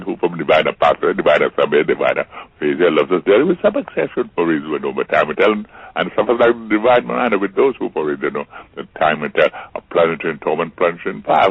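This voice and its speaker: Older man, from Trinidad, very deep voice, husky, theatrical storyteller, tinny dry line. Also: no room sound. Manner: theatrical, repeats words and acts out quotes. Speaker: interview guest. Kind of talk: storytelling conversation.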